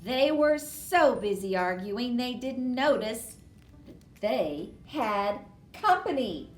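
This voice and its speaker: A woman reading a picture book aloud to children, with a high voice that rises and falls expressively. She takes her time over each line. The room gives her voice a noticeable echo. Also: faint music behind. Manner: expressive, slow and dramatic. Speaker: children's librarian. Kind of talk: storybook read-aloud. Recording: roomy echo.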